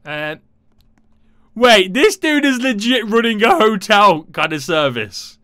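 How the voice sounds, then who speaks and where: A man chats excitedly through a video game, talking straight to his viewers. His voice leaps around with a lively, animated swing and has a bright, forceful edge. The sound is dry and close, with no room around it. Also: sits high, slow, dry recording. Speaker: gaming YouTuber. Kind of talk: gameplay commentary.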